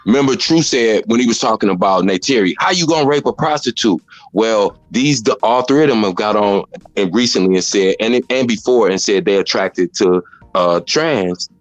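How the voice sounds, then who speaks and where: Deep-voiced blunt man hosting commentary. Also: normal speed, no room sound, rough recording. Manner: blunt, rambling, explains at length. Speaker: commentary host. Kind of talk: casual commentary chat.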